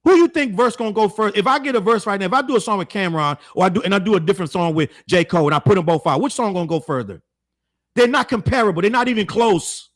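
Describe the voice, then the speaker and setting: A man's voice: sits high, lively intonation, fast talker. A man hosting a commentary show, giving blunt, heated opinions in slangy speech and repeating his points for emphasis. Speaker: show host.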